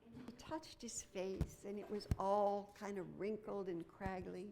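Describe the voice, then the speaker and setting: A woman minister delivers a sermon from the pulpit. She keeps it conversational and full of stories, breaking off into casual asides, at an ordinary middle pitch. A faint hiss sits under the recording. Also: fairly even intonation, dark tone, roomy sound. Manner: chatty, storytelling, quick asides. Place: church sanctuary. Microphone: microphone with feedback.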